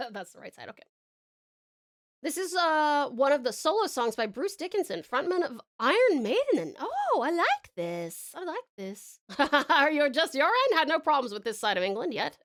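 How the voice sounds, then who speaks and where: A woman's voice: on the high side, fairly bright tone. A young Australian woman with an Australian accent, chatting casually on a live stream, reading chat aloud and laughing often.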